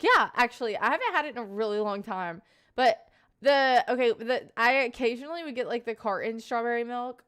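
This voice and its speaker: A woman's voice: fairly high pitch, a bit bright, smooth. A young woman live-streaming, chatting casually and playfully with her viewers and answering their questions. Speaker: livestreamer.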